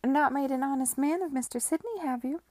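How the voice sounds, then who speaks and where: A woman voicing a shrewd, brash older woman who keeps a brothel, loud and folksy in her speech. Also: sits high, fairly quick, dry recording, voice pushed up, close to an everyday voice. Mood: brash, sly.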